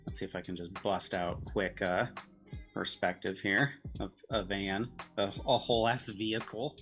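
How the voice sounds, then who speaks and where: A man co-hosting a comedy stream, chatting casually and hesitantly while drawing, with many pauses and restarts. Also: sits low, steady tone, a bit bright, faint music behind. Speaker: comedy show co-host drawing live.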